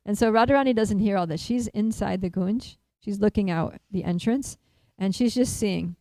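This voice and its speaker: A woman tells a devotional story in an animated, laughing way, full of little fillers. Her voice is mellow and soft-edged. The recording is close and dry. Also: medium pitch, normal speed, dry recording, low-quality recording. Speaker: speaker at a temple feast.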